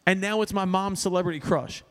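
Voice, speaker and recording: A young man hosting a podcast in casual chat, animated and slangy, laughing often. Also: high voice, brisk, in a large hall. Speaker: podcast host.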